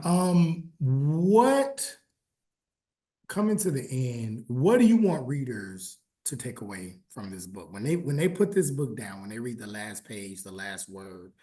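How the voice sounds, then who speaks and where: A man hosting an interview, asking drawn-out questions and affirming the guest often. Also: medium pitch, big pitch swings, dark tone. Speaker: interviewer host. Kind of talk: conversational interview.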